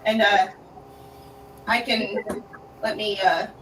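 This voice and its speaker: A woman's voice: medium pitch, fairly even intonation, takes it slowly, a bit bright. A woman with a Southern US accent chatting on a livestream call, self-deprecating and laughing at herself, from a mic across the room at home. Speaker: streamer guest. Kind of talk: casual chat on a livestream call. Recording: distant mic with faint noise.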